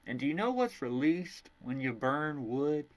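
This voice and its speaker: Slow, profane man ranting about a book. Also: a little high, sing-song. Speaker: book reviewer.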